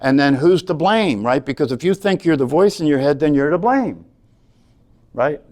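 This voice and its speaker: A man's voice: fairly high pitch, animated, moderate pace, darkish tone. A man teaching a meditation class, talking earnestly and often checking in with "right?". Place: class room.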